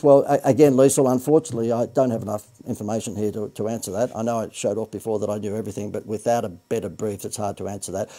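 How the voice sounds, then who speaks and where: Husky man pitching a course. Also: dark tone. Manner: rambling, self-correcting, joking asides. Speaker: marketing course presenter. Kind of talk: live sales pitch.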